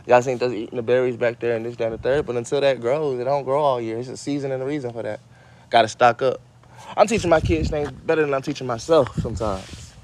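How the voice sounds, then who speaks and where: A man's voice: mid-range voice, fast talker, slight background noise. A man hosting a casual livestream, rambling and cursing as he talks straight to his viewers. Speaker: livestream host.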